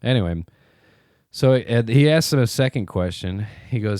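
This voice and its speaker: A man with a very low voice tells a long, rambling story on a podcast, slipping into quoted dialogue and stopping for fillers. The sound is dry and close. His manner is relaxed, casual chat. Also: moderate pace, clean tone, no room sound. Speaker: podcast co-host.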